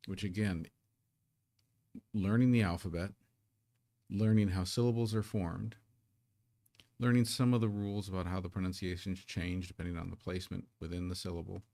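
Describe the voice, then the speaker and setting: A man teaching a live online Korean lesson, patiently explaining and sounding out syllables slowly. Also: low-pitched, steady tone, creaky, warm tone, dry recording.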